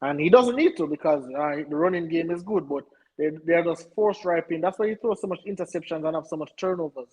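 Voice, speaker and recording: Emphatic, husky man. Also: fairly high pitch, fast talker, darkish tone, poor audio. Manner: emphatic, argumentative, insistent. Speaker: sports podcast co-host. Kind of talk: casual sports debate.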